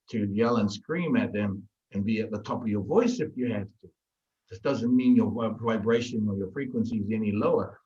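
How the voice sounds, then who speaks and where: Animated male storyteller, dull audio. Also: lowish voice. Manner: animated, lively storyteller who repeats and restarts words. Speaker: guest in a group discussion. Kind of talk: casual conversation with storytelling.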